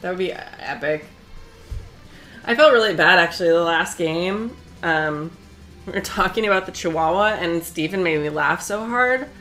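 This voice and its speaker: A woman's voice: on the low side, normal speed, a bit bright, faint music behind. A woman chatting casually on a live stream while she sews, talkative and often breaking into laughter.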